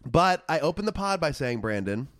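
A man's voice: a little high, very animated, normal speed, fairly bright tone, no echo. A man co-hosting a casual podcast, joking and laughing often, a few beers in. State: tipsy from beer. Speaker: podcast co-host. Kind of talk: casual chat.

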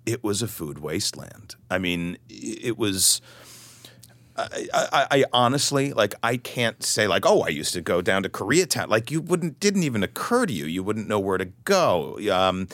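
A middle-aged man with a low, deep voice tells his story as an interview guest. He is animated and self-deprecating and restarts his sentences often. His voice is recorded dry and close, with no room sound. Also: normal speed, no room sound. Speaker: guest, author.

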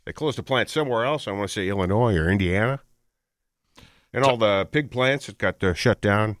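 A man's voice: fairly low pitch, a little fast, a bit bright, no echo. A man co-hosting casual radio banter with dry, sardonic remarks.

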